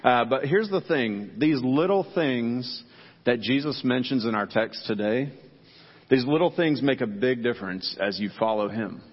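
A man's voice: mid-range voice, lively intonation, measured pace. Middle-aged male pastor, laid-back and joking, preaching in a church with a long echo and a muffled, dull sound. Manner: casual, joking, talks straight to the congregation. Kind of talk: sermon. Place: church sanctuary.

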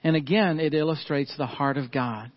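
Middle-aged man, pastor, sermon, earnest, slightly high voice, slightly muffled recording. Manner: earnest, slows down and softens on key points.

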